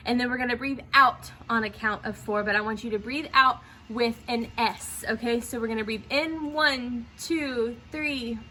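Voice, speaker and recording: A woman's voice: fairly high pitch, steady tone, normal speed, few pauses, bright, forceful tone, a little hiss or hum. A woman teaching theatre students, guiding them through breathing exercises and checking in with them often. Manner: encouraging, checks in with "okay?" often. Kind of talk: guided breathing exercise instruction.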